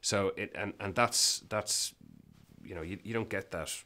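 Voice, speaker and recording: A man interviewed as a business guest, telling emphatic, animated anecdotes with frequent restarts in casual conversation. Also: low-pitched, measured pace, slight background noise.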